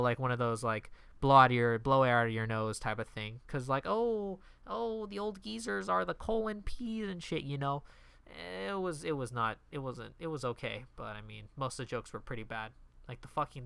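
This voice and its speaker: A man's voice: mid-range voice, bright, forceful tone, clear, resonant tone, no echo. A man casually reviewing a movie in a profane, exasperated rant.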